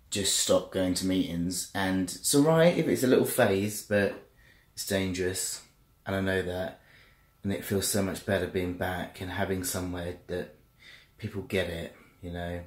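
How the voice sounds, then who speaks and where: A man in his thirties with a British accent, talking casually to the camera in a video diary, chatty and quick to laugh. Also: low-pitched, darkish tone. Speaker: vlogger.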